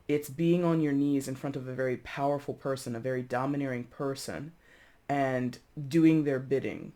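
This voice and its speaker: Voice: mid-range voice, steady tone, moderate pace, dark tone. A tarot reader giving a casual reading to camera, chatty and rambling, often repeating and correcting themselves, with giggly asides.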